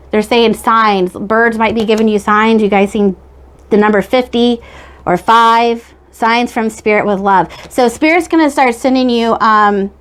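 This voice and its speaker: A woman reading tarot in a loose, rambling, conversational way. Her voice sits a little higher than most, and she peppers her talk with quick "okay?" check-ins. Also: clear, resonant tone. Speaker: tarot reader.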